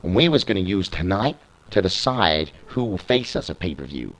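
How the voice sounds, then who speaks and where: A man's voice: deep voice, sing-song, normal speed, a bit bright, full character voice, rough recording. A British man reading out the lines of an indignant male tag-team wrestler in a video game show. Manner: complaining, indignant.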